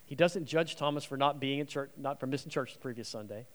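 A man preaching a sermon as a guest preacher, swinging between loud emphasis and quiet, soft passages. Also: medium pitch, quick pace.

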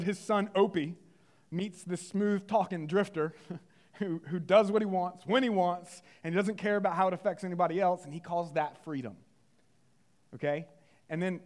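A male pastor preaching a sermon, animated and full of rhetorical questions, swinging from loud to hushed. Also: fairly high pitch.

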